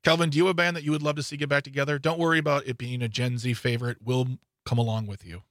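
A talk radio host banters playfully with his co-host in casual chat, talking very fast and with lots of animation. His mid-range pitch leaps upward whenever he teases. The studio microphone gives a close, dry sound.

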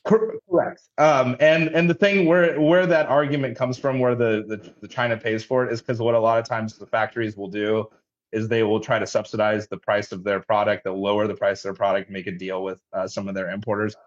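Male business guest, halting delivery, fairly low voice, dull lo-fi audio. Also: little pitch movement. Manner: halting, many restarts and fillers. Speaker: logistics company head, guest. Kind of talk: radio interview answers. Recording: dull lo-fi line.

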